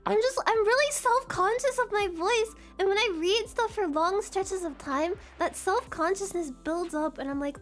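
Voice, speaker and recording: A woman's voice: very high voice, moderate pace, hardly any pauses, fairly bright tone, faint music behind. A woman streaming, rambling chattily and giggling at herself in a casual chat.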